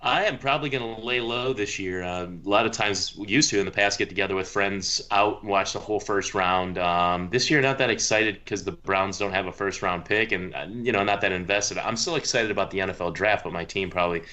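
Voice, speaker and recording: A man's voice: on the low side, brisk, hardly any pauses, bright, forceful tone. A man co-hosting a podcast in casual chat, laid-back and easygoing. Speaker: podcast co-host.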